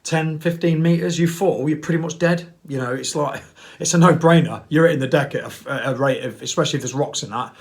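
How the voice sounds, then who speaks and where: A man's voice: fairly high pitch, brisk. A middle-aged man talking casually to camera, blunt and rambling and sometimes mocking himself. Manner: rambling, blunt and self-mocking, with playful put-on voices. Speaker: vlogger.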